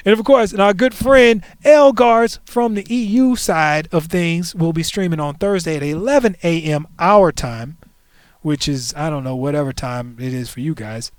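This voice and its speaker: A man's voice: on the high side, unhurried, no room sound. A man in his forties hosting a livestream, chatting casually in a playful, joking way and talking back to the chat. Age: 40s. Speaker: stream host.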